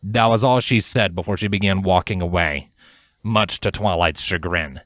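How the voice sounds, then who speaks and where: With a very low voice, a man narrates a fan fiction audiobook in a measured, even way, like a steady storyteller. The recording is studio quality with no room sound.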